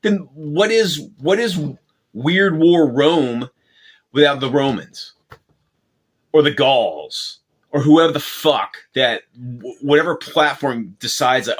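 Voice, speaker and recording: A man's voice: fairly high pitch, sing-song, slow, fairly bright tone. A man hosting his own channel, delivering an angry, profane rant with lots of swearing and restarts. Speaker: channel host.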